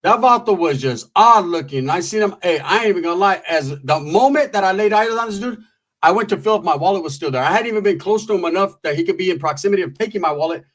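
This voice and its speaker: Husky-voiced man telling rambling stories. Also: sits high, animated, fast talker, a bit bright. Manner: rambling, profane, with frequent asides and laughs. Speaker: storyteller. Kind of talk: casual profane storytelling.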